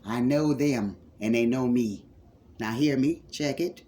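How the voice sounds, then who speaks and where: A man's voice: mid-range voice, unhurried, mellow, a little hiss or hum. A man preaching a spiritual healing sermon with fervor, repeating phrases for emphasis and calling his listeners loved ones.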